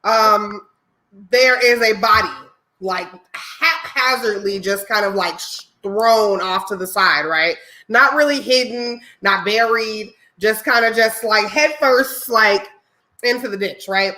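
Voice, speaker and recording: Bright-voiced woman, laughing podcast chat. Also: medium pitch, takes it slowly. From Chicago. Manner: laughing, filler-heavy storytelling. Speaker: podcast co-host. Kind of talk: casual chat.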